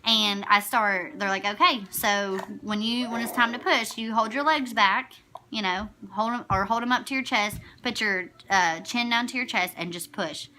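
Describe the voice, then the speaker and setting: A woman's voice: mid-range voice, moderate pace, bright, forceful tone, a little hiss or hum. A young woman in her twenties, a new mother, telling her story to the camera in a chatty, rambling way, often correcting herself.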